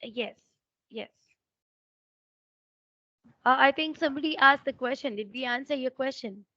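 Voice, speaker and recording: A woman's voice: high voice, unhurried, pushed and bright, dry recording, lo-fi sound. Indian-accented woman explaining phonics. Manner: explanatory, checks for understanding. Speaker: English teacher. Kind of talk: online teaching exchange.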